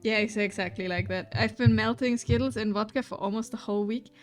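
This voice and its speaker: A woman's voice: medium pitch, fairly even intonation, a little fast. A woman with a German accent, chatting casually on her stream and reading chat aloud, giggly and full of restarts. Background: faint lofi music.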